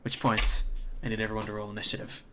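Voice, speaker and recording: A man running a tabletop game as game master, narrating in slow, drawn-out descriptions. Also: lowish voice, completely flat delivery, a crowd in the background. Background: faint music.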